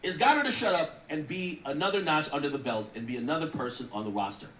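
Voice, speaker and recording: A man's voice: a little high, animated, fast talker, a bit bright, echoey room, distant mic. A man giving blunt, profane, mocking commentary in a rant. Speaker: streamer commentator. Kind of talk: ranting commentary.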